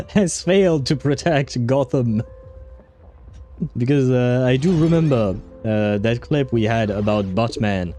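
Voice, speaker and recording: A man hosting a livestream, casually commenting on a game as he plays, chatty and quick to laugh, with occasional swearing. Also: mid-range voice, warm tone, faint music behind. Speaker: livestream host playing a game.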